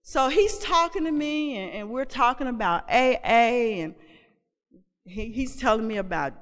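A woman's voice: a little high, expressive, measured pace. A woman telling her personal story to an audience in a candid, conversational way, often repeating and restarting phrases. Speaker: speaker sharing her recovery story. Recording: long reverb of a large hall.

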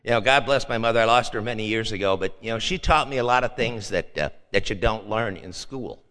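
An older man shares rambling personal stories at a meeting, repeating himself in a folksy way. His voice is bright and forceful, and it rings with a long reverb from the hall. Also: on the low side, fairly quick. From Chicago. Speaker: speaker sharing at a meeting.

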